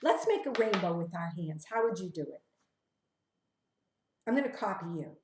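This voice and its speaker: A woman reading a picture book aloud to young children, asking them questions and leading hand games in a gentle, coaxing way, sometimes dropping to a whisper. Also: lowish voice, lively intonation, noisy background. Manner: drops to a whisper at times, sings slowly. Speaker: children's storyteller. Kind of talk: interactive children's story reading. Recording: roomy echo.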